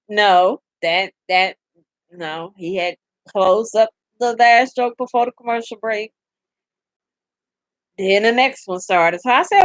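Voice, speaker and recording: A young woman hosting a casual live chat, animated and profane, laughing often and reading comments aloud. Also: fairly high pitch, unhurried, no room sound. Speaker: livestream host.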